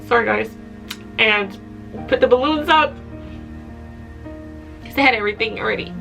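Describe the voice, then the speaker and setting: Young adult woman, casual vlog storytelling, chatty, emotional, fairly high voice. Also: moderate pace, vocal fry, a bit bright, soft background music. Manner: chatty, retells dialogue, emotional at times. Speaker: vlogger.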